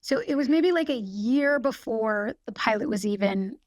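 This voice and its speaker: A woman in her forties, a podcast guest, telling stories in a quick, chatty way full of "like". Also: a little high, expressive, no room sound. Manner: chatty, fast storytelling with frequent "like". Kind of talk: casual anecdote telling.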